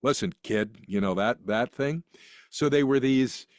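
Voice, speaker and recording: A man's voice: medium pitch, measured pace, darkish tone, dry recording, clean studio sound. A man from the United States, a guest actor, telling rambling anecdotes in a casual interview with many restarts.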